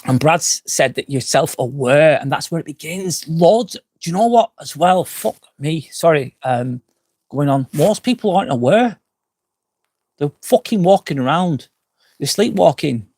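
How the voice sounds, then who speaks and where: A man's voice: on the high side, lively intonation, a little slow, darkish tone, no echo. Tipsy man slurring on a livestream. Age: 40s. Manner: rambling and frank, swears often. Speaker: live-stream host. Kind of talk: casual live-stream chat, answering comments. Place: outdoors at night by a campsite fire pit.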